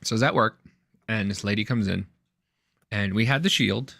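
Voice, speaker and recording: A man co-hosting a podcast, telling a rambling, animated anecdote in casual chat. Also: lowish voice, normal speed, creaky, dry recording, studio quality. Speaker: podcast co-host.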